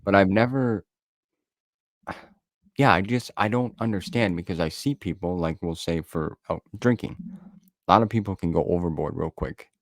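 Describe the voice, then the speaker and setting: A podcast co-host with a very deep, low-pitched voice. He talks in an earnest, rambling way. The recording is close, with no room sound. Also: moderate pace, dry recording. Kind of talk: casual chat.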